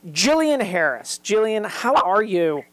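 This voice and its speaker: A man's voice: sits high, big pitch swings, unhurried, fairly bright tone, dry recording. A man co-hosting a casual interview, upbeat and teasing. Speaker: co-host.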